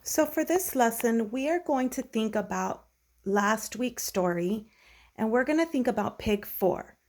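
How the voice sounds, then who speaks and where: A woman's voice: a little high, animated, measured pace, darkish tone. A woman teacher giving a recorded lesson to children, patiently explaining and asking many questions.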